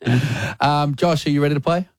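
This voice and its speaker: A man with an Australian accent hosting a radio show, teasing callers in quick, playful banter. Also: fairly high pitch, no echo, studio quality. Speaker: radio host. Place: radio studio.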